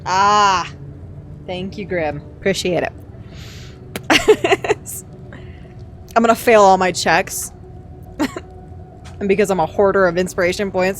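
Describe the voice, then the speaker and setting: A woman's voice: mid-range voice, slow, long pauses, slight background noise. A woman streaming a game live, chatty and self-mocking, laughing often as she comments.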